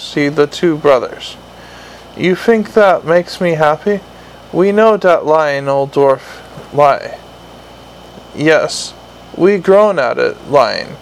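A man voicing a huge, gruff troll sergeant who speaks slow, broken English. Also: fairly high pitch, poor audio. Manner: broken grammar, slow dragged-out words.

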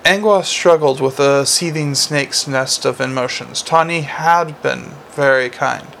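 A man narrating an audiobook in a dry, steady storytelling manner. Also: medium pitch, a little slow, gravelly, a little hiss or hum.

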